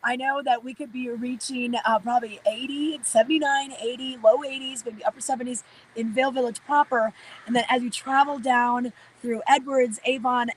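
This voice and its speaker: A woman's voice: a little high, slight background noise, poor audio. An upbeat, chatty woman reporting live from outdoors for a local morning show, with frequent filler "uh"s. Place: outdoors at a park.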